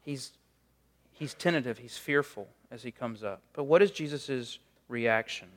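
A man's voice: mid-range voice, a little slow. A man preaching a sermon in a conversational, storytelling way, with frequent casual fillers.

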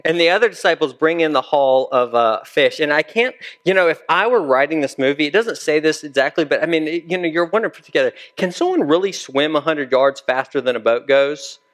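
A man's voice: fairly high pitch, animated, brisk, few pauses, a bit bright. A man preaching a sermon in a conversational storytelling way, acting out the dialogue of the people in his story. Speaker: pastor.

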